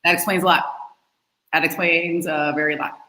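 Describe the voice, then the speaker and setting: A woman's voice: on the low side, flat delivery, normal speed, pushed and bright, roomy sound, low-quality recording. A woman, host of an improv show, chatting playfully on a video call in a rambling, self-mocking way. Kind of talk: casual video-call chat.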